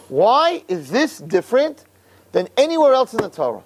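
A man teaching a Torah class, emphatic and animated, repeating words and firing off rhetorical questions. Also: sits high, fairly quick, a little hiss or hum.

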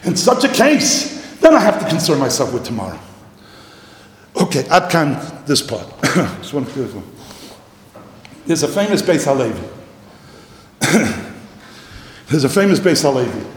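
A man giving a Talmudic lecture, animated and repetitive, mixing in Yiddish and Hebrew terms, coughing now and then. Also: on the high side, measured pace, long pauses. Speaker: Torah teacher. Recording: echoey hall, faint noise.

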